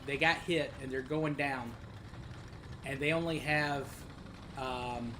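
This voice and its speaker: A man's voice: medium pitch, fairly even intonation, slow, noisy background. A man streaming a tank game, chatting casually and telling a long rambling story with fillers. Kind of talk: casual chat while gaming.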